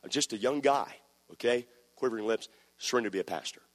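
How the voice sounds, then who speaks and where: A man preaching a sermon, telling stories and building from quiet narration to loud exhortation. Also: fast. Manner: builds from low conversational storytelling to shouted exhortation. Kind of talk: sermon with storytelling. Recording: long hall reverb.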